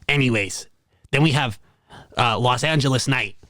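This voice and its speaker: A man's voice: mid-range voice, slow, pushed and bright, no echo, clean studio sound. A man from San Diego co-hosting a podcast, bantering playfully in casual joking chat. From San Diego, United States. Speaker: podcast co-host.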